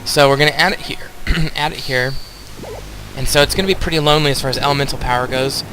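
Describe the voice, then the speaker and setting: A man's voice: medium pitch, quick pace, over music, poor audio. A young man casually commenting on a video game as he plays, rambling and talking straight to his viewers. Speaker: let's play host.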